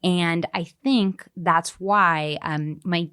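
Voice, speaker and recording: A woman's voice: on the low side, fairly even intonation, very slow, fairly bright tone, smooth, dry recording, clean studio sound. A woman author speaking as a podcast guest, talking openly and mocking herself, often laughing mid-sentence. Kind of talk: candid podcast conversation.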